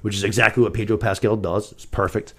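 Male podcast host, 30s, lower voice, casual and profane, tells stories with energy. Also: fast. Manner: animated, profane scene recap. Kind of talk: casual chat.

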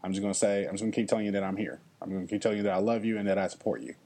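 A man's voice: on the low side, steady tone, rapid-fire, warm tone. A young man hosting a podcast, talking earnestly and reflectively to listeners, often checking in with "okay?" and at times getting emotional. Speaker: podcast host. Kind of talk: reflective solo podcast talk.

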